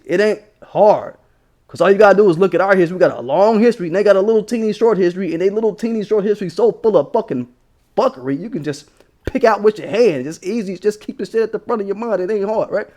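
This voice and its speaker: Brash high-voiced man, vlog commentator from Maryland, heated and profane. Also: darkish tone. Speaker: commentary vlogger. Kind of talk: ranting commentary.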